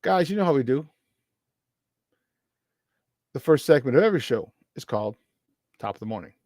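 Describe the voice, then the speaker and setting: A man hosting a morning sports talk show, hyped and shouting out listeners by name. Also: mid-range voice, very animated, moderate pace, no room sound, studio quality. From Chicago area. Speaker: sports radio host.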